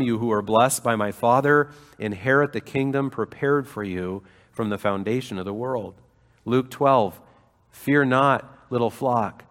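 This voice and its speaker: A man's voice: fairly low pitch, long reverb tail. A man preaching a sermon, talking through scripture in a conversational way with fillers and rising to fervent emphasis. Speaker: pastor.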